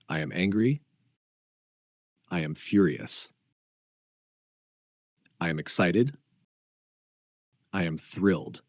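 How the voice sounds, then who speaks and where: A man reading short English practice phrases one by one, with an even, deliberate delivery. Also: deep voice, dry recording, studio quality. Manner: slow, evenly spaced, deliberate delivery.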